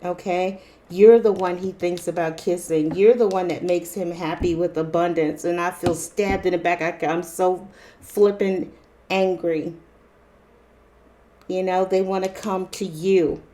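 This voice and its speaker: A woman's voice: on the low side, fairly even intonation, unhurried, dark tone, a little hiss or hum. A woman giving a casual tarot reading to viewers, talking directly to them and often exclaiming "wow" and "interesting". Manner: addresses viewers directly with fillers. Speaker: tarot reader.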